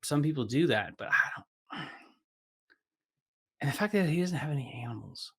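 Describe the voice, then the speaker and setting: A man's voice: fairly high pitch, expressive, normal speed, fairly bright tone, husky. A man hosting a podcast in casual chat. He rambles, leans heavily on "like", and swears freely. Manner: rambling, heavy use of "like" fillers, swears casually. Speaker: podcast host.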